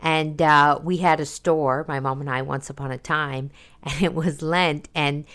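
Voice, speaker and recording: A young adult woman, casually chatting as co-host and telling stories in an animated way, with quick asides and high leaps in pitch when she quotes herself. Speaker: podcast co-host, daughter of the other host. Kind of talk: casual chat.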